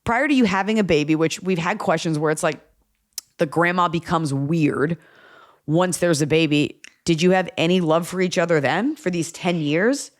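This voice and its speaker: A woman's voice: fairly low pitch, moderate pace. A woman hosting an advice podcast, chatting casually and bluntly, acting out the people she talks about. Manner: blunt, animated, acts out quoted voices. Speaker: podcast host giving advice.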